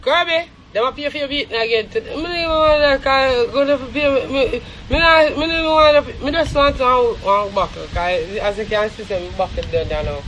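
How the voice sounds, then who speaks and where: A woman's voice: high-pitched, fairly bright tone, slight background noise. A Jamaican woman giving heated, scornful gossip commentary on a live stream. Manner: scornful, rapid, repetitive.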